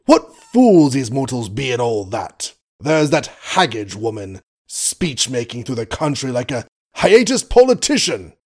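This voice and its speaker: A man voicing a gruff, blustering old male colonel in an audiobook, indignant and old-fashioned in his bluster. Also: mid-range voice, lively intonation, moderate pace, a little mellow. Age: older.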